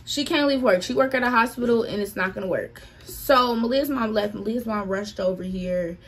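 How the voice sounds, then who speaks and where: A young woman vlogger telling a story in casual chat, animated and dramatic, talking straight to her viewers. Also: fairly high pitch, moderate pace. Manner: animated, dramatic retelling, addresses viewers as y'all.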